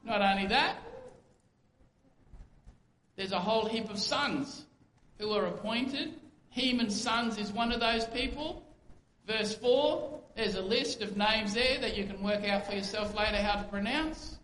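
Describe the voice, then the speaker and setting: A man's voice: high-pitched, measured pace, fairly bright tone, a little hiss or hum. A man preaching a sermon as a pastor, conversational, asking rhetorical questions and acting out quoted speech. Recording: echoey room with faint ambience.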